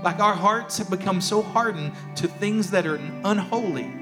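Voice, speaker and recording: A man's voice: high-pitched, normal speed. A man preaching a sermon as pastor, emphatic and repeating his key phrases. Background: worship music.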